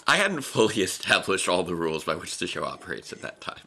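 A young man co-hosting a casual live reaction video, exclamatory and animated, often restarting his sentences. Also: sits low, quick pace, creaky. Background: television episode playing.

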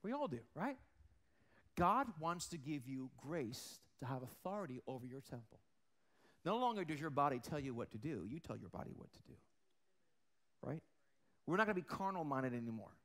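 A man with a high voice preaches a sermon to his congregation. He speaks earnestly and often asks the room questions. To stress a point he drops his voice low and quiet. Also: very animated, moderate pace, long pauses. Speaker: pastor.

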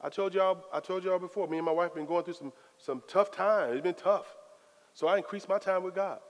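A man preaching a sermon as pastor, in a lively, conversational style full of casual Southern phrasing. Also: sits high, a little fast. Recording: long hall reverb.

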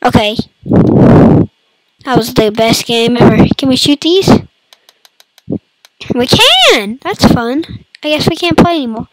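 A woman with a hoarse, fading voice and a cough, chatting playfully to viewers over gameplay. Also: fairly high pitch, normal speed, no room sound, rough recording. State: hoarse, losing her voice, coughing. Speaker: gaming YouTuber. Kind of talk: casual let's-play commentary. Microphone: computer mic.

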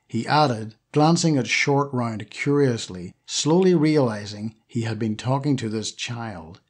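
A man narrating an adventure novel as an audiobook reader, telling the story in a steady, lively way. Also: mid-range voice, measured pace, few pauses, slightly rough. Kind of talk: scripted narration.

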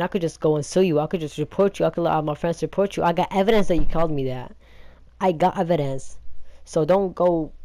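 A man's voice: a little high, a little mellow. A young man hosting a gaming channel, talking in a rambling, indignant and defensive rant.

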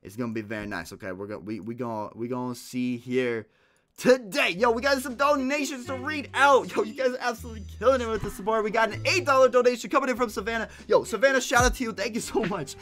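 A young man hosting a casual gaming livestream, excitable and chatty, yelping at mishaps and thanking donors aloud. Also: sits high, fast talker. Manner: excitable, loud yelps, reads donations aloud. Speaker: livestream host.

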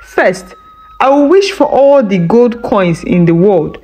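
A woman's voice: mid-range voice, expressive, slow, dark tone. A woman voicing a greedy, scheming village wife who scolds and threatens sharply.

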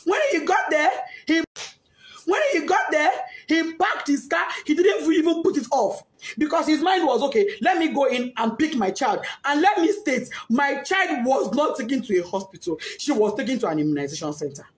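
A middle-aged woman with a Nigerian accent, a bereaved mother giving impassioned, grief-stricken testimony that swings between shouting and hushed speech, often crying. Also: sits high, animated, moderate pace. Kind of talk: emotional spoken testimony. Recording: echoey room.

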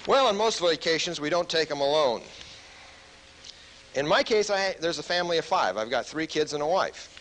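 A military officer giving a stress management lecture to a group, telling stories and asking the audience questions. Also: male voice, on the high side, moderate pace, slight background noise, rough recording. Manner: animated storyteller who asks the audience questions.

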